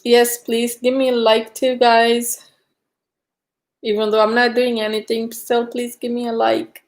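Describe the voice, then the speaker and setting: A woman's voice: flat delivery, unhurried. A woman chatting casually on a live stream, telling a rambling story full of fillers. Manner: high cooing baby talk to her dog.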